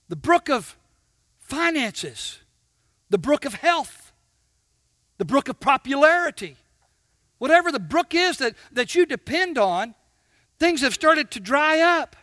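A man preaching a sermon, swinging from shouts to hushed tones and acting out little dialogues with God. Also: very high-pitched, sing-song, a little slow, long pauses, no echo, studio quality. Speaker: pastor.

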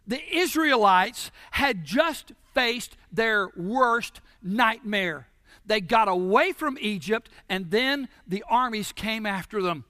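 A man preaching a sermon in a church, telling the story dramatically and bursting into shouts. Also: very high voice, smooth, no echo, clean studio sound.

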